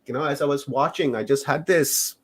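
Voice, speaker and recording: A middle-aged man from Canada, a podcast guest recounting his own experiences in a loose, unhurried way. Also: medium pitch, slightly rough. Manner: unhurried, rambling storytelling. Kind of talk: personal storytelling in an interview.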